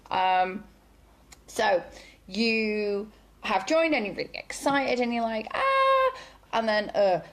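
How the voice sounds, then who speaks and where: A woman's voice: medium pitch, creaky. A chatty, bubbly woman leading a live video training call from home. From United Kingdom. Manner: bubbly and chatty, says "okie dokie". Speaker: sales team director. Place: home room with sunlight behind.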